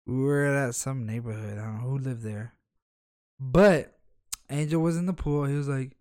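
A man's voice: mid-range voice, moderate pace, a little mellow, dry recording, studio quality. A man telling crude stories bluntly on a casual podcast.

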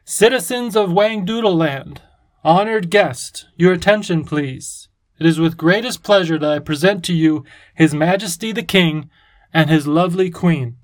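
A ceremonious court herald booms out announcements in a raised, ringing tone, as a man reads him. His delivery is formal and declamatory. The sound is close and dry. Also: measured pace, no room sound. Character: pompous male herald calling a hall to order.

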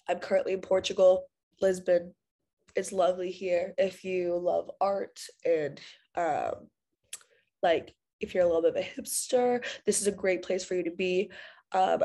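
A woman with a cold hosts her own podcast, chatting casually and poking fun at herself. Her voice sits low and gravelly with a dark, mellow tone. She records without a proper microphone. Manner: chatty, self-deprecating. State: has a cold. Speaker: podcast host. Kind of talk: casual solo podcast chat.

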